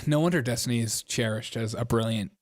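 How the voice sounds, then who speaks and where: A man's voice: medium pitch, brisk, a little hiss or hum. A man hosting a live stream, reacting to election coverage with sarcastic asides and frequent laughter. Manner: sarcastic, laughs often, talks over the broadcast. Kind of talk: casual livestream commentary.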